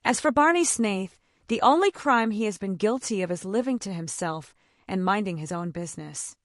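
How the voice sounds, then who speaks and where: A woman voicing a defiant, sharp-tongued young woman. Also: mid-range voice, lively intonation, normal speed, dry recording, clean studio sound, close to an everyday voice. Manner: tart, brazen retorts.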